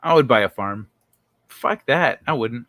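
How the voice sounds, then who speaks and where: On a dry recording, a male livestream host speaks unhurriedly at medium pitch, his tone fairly bright and his intonation lively. Reading comments from viewers, he keeps things loose, profane and full of jokes with chat.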